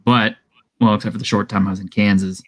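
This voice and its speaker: A man's voice: on the low side, level tone, fast. A man from Texas with a Texan accent, chatting casually on a podcast panel and often restarting his sentences. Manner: rambling, self-correcting. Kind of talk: casual group chat.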